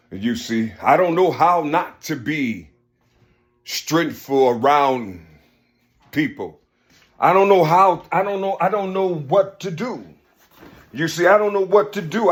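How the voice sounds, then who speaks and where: A man delivering a rambling personal monologue. He keeps repeating "you see," stumbles and restarts, and swings from low murmurs to raised, emphatic bursts.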